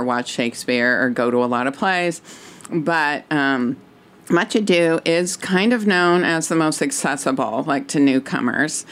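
Low, smooth-voiced woman chatting. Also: fairly bright tone. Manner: easygoing, many fillers. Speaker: community theater organizer. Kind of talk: casual panel chat.

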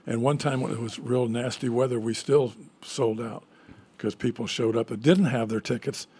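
Male guest, gravelly and husky, a little hoarse; easygoing, rambling, dry self-mocking humor. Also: mid-range voice, fairly even intonation, moderate pace, dark tone. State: frog in his throat. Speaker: event organizer guest. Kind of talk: casual radio interview.

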